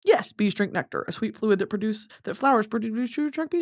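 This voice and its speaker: A woman's voice: a little high, expressive, fast. A young woman with a Southern US accent hosting a casual solo podcast chat, rambling and swearing through flustered outbursts. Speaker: podcast host.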